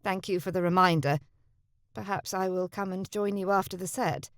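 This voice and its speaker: A woman's voice: on the low side, fairly even intonation, normal speed, no room sound, studio quality, lightly acted. A woman voicing an eager young lord suitor, jovial and courtly.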